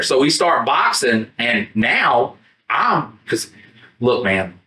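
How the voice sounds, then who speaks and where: Speaking slowly in a mid-range voice, a male podcast co-host tells a story in casual conversation. He's animated and profane, performing his own quoted lines. A far-off mic in the room captures him, giving a roomy sound instead of the close podcast-mic quality.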